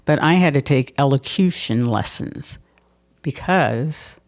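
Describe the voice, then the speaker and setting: An older woman, telling stories from her life as a mayor in a lively, laughing way, often repeating words as she restarts. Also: rumbling low, slow pace. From Pennsylvania. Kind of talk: conversational storytelling interview.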